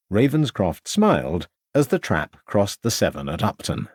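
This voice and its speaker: A man narrating a crime novel as an audiobook, in a measured storytelling manner. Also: on the low side, huge pitch swings, a little mellow, breathy edge, dry recording, studio quality. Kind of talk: scripted narration.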